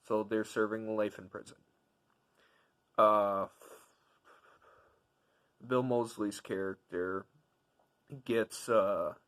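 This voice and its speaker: A young man talks through a film review in a loose, rambling way, leaning on fillers and circling back on his points. His voice sits a bit on the low side, and he gets openly enthusiastic about what he liked. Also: poor audio. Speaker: movie reviewer. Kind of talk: casual spoken film review.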